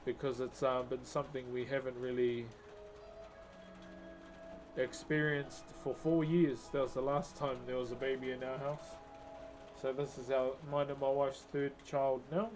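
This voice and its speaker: A man's voice: medium pitch, little pitch movement, measured pace, over music. A man, chatting casually with viewers on a live stream and telling jokey stories, laughing often. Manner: laid-back, jokey storytelling with frequent laughs.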